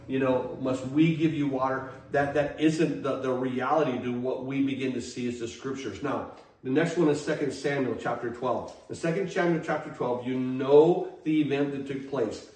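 Picked up from a distance in a reverberant hall with slight noise, this sermon comes from a man with a medium-pitched, somewhat mellow voice at normal speed. He preaches with emphasis, repeats and restarts lines, and questions the congregation directly.

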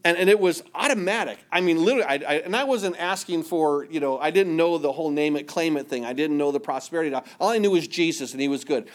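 A man preaching a sermon earnestly, his voice dropping soft for quoted prayers. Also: on the high side, fast, few pauses. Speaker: pastor.

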